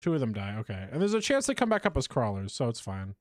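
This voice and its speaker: A man's voice: medium pitch, wildly swooping pitch, fast talker, darkish tone, no echo, studio quality. A man streaming a game live, chatty and self-mocking as he talks through his play. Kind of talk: live gameplay commentary.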